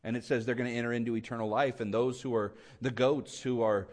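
A man preaching a sermon with impassioned swings between loud emphatic lines and quiet hushed ones. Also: mid-range voice, steady tone, quick pace. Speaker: pastor.

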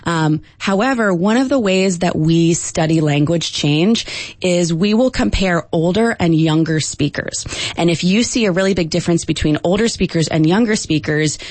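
A woman's voice: on the low side, moderate pace, a little mellow, no echo. A woman in her thirties, a linguistics professor, explaining things fluently in an interview with a few fillers.

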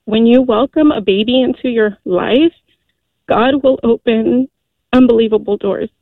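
A woman in her forties calling in to a radio show, telling a personal story earnestly, with many halting fillers. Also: on the high side, dry recording. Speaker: caller. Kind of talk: call-in radio testimony. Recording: tinny phone line.

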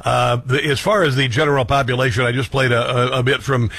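A man's voice: mid-range voice, steady tone, brisk, gravelly, a bit bright, breathy edge, no echo. A man hosting a radio talk show, chatting casually with jokes and self-deprecating asides.

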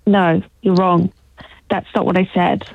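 A woman's voice: on the low side, level tone, a little slow, vocal fry, no room sound. A woman, the host's wife, teasing him in casual chat over a phone line.

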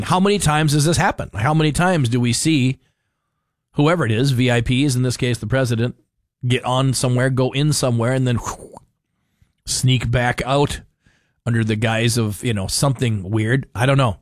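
A man with a mid-range voice hosts a talk radio show, wryly rambling through the news with frequent chuckles. It's casual commentary into a studio microphone, recorded dry.

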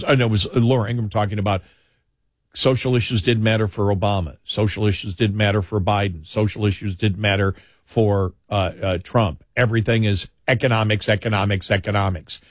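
A man's voice: lowish voice, steady tone, moderate pace, no echo, studio quality. A man co-hosting a political talk show, speaking indignantly and repeating himself as he builds his points. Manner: indignant, repetitive, rambling restarts. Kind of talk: political talk radio commentary.

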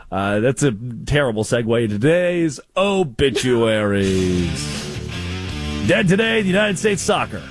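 Animated man telling funny stories. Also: on the high side, unhurried, no echo, faint music behind. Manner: animated storytelling, voices quotes. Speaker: show host. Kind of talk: casual comedic sports chat.

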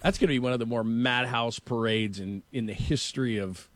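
A man hosting a sports talk show, telling rambling, animated stories in casual chat. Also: medium pitch, brisk, no echo. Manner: rambling storyteller, animated anecdotes.

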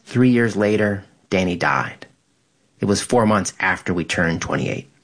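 A man calmly reading his own personal essay in a measured, reflective way. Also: deep voice.

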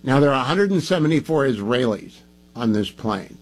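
A man hosts his talk radio show in a rambling, emphatic monologue. He sounds a little groggy from medication, and his voice sits at a middle pitch. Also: lively intonation, fairly quick. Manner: chatty, wandering, emphatic. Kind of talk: casual monologue.

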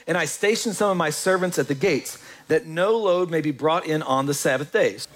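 A man's voice: fairly high pitch, normal speed. A male pastor preaching a sermon, acting out quotes and questions with lots of energy. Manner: animated, acts out quotes in voices.

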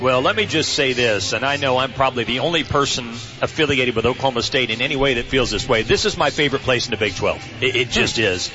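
A man, a team's play-by-play radio voice, giving folksy, relaxed football analysis from a stadium booth. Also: mid-range voice, quick pace, hardly any pauses, highs cut off, music in the background.

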